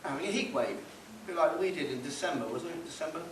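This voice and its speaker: A man's voice: on the high side, expressive, fast talker. A man giving an informal public talk, conversational and wry, wandering off on asides. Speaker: public speaker. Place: meeting hall. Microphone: distant room mic. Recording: roomy hall, distant mic, faint hiss.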